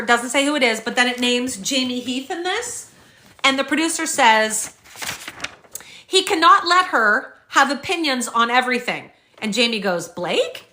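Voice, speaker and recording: Woman vlogger reading filings out loud and ranting about them, high bright voice, gets real fired up. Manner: indignant, fired up, sarcastic asides. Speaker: commentary vlogger. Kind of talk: reading and reacting to court filings.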